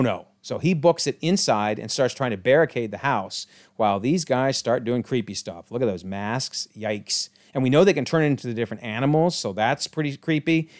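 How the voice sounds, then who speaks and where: A man giving a casual, enthusiastic episode breakdown, chatty and often correcting himself mid-sentence. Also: medium pitch. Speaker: YouTube show recapper.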